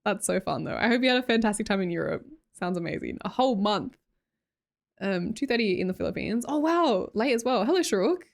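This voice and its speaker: A woman's voice: medium pitch, animated, fairly quick, gravelly. A playful woman with an Australian accent, chatting late at night with her livestream viewers and laughing often. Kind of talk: casual livestream chat.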